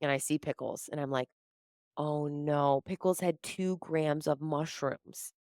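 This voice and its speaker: A woman guest on a podcast telling a story in casual chat, animated and laughing often as she acts out her own quotes. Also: deep voice, unhurried, dry recording, clean studio sound. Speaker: podcast guest, comedian and entrepreneur.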